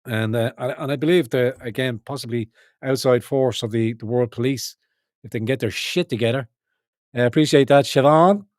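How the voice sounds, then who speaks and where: A man's voice: mid-range voice, moderate pace, darkish tone, no echo, studio quality. Man ranting on a livestream. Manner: emphatic, profane, rambling with restarts. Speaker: livestream host. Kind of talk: rambling political commentary.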